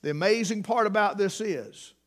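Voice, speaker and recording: Preacher guy, high voice, goes real quiet then loud. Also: normal speed. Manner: dynamic, swings from hushed to shouting. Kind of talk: sermon.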